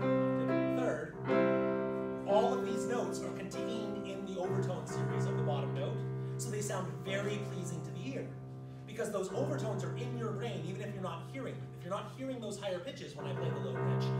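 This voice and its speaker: A man presenting a music education workshop, explaining step by step and demonstrating on piano. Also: sits high. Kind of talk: workshop lecture. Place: large room at a professional development session. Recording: echoey room, distant mic, piano.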